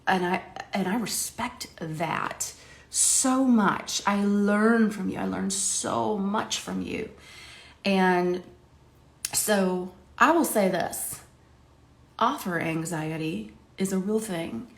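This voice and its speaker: A middle-aged woman from Ohio, a makeup coach chatting to camera while doing her makeup, talkative and quick to laugh. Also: medium pitch. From Ohio, USA. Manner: chatty, laughing, lively quoted voices. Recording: echoey room.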